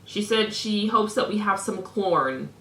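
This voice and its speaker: A woman's voice: medium pitch, lively intonation, unhurried, a bit bright, echoey room. A young woman vlogger reading out messages with sarcastic, mock-indignant commentary.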